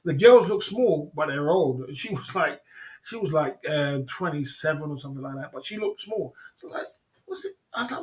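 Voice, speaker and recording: A man's voice: high-pitched, lively intonation, fast, fairly bright tone. A man hosting a livestream, telling rambling stories between laughs in casual chat. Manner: reads viewer comments aloud. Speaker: livestream host.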